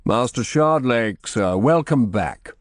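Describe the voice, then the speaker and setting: A man voicing an older, weary abbot who speaks slowly and hesitantly. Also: mid-range voice, animated, no room sound, studio quality, pitched above the performer's own voice. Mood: anxious. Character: weary older male abbot, anxious and hopeful.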